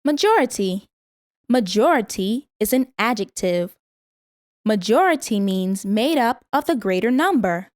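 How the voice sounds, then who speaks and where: Woman, mid pitch, lesson narrator with careful pronunciation, dry studio sound. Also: expressive, no echo. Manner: slow, careful word-by-word pronunciation. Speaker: vocabulary teacher. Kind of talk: scripted vocabulary lesson reading.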